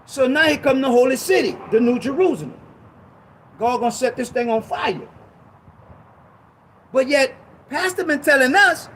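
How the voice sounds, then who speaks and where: High-voiced exhorting male preacher. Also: lively intonation, fairly bright tone, slight background noise, poor audio. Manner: exhorting, reads scripture slowly and repeats lines. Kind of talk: sermon teaching.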